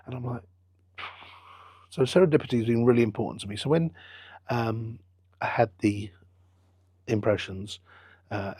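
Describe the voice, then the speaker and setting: A middle-aged man, a business founder telling his story in an interview with lively quoted dialogue. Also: on the low side, husky, no room sound. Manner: chatty anecdotal storyteller, acts out quoted dialogue. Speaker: business founder and football club owner, guest.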